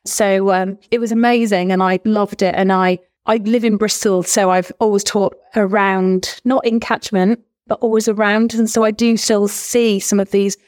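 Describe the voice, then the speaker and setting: A woman's voice: medium pitch, steady tone, normal speed, hardly any pauses, darkish tone. A middle-aged woman, a former language teacher, chatting as a guest in an interview, enthusiastic and full of asides. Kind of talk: casual interview storytelling.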